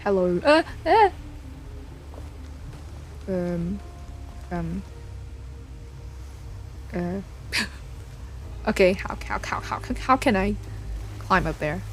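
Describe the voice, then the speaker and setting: A woman's voice: mid-range voice, very animated, very slow, long pauses, soft background music. A woman streamer giving casual, hesitant commentary while playing a game, mumbling with many fillers.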